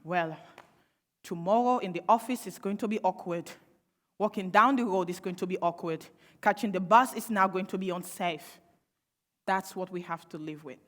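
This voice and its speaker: At normal speed and a fairly low pitch, a young woman panel speaker delivers an impassioned public address. She uses sarcasm and rhetorical questions, with long hall reverb in the recording.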